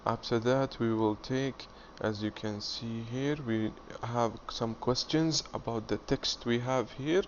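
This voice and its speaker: A man teaching an English reading lesson, explaining slowly and repeating himself step by step. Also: medium pitch. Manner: slow, repetitive, explaining step by step. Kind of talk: classroom video lesson. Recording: dull lo-fi audio with faint hiss.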